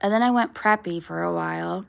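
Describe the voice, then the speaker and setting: A woman's voice: fairly low pitch, brisk, vocal fry. A woman in her thirties chatting casually on a backyard livestream, talking to her dog and her viewers and laughing often. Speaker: vlogger livestreaming. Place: backyard outdoors.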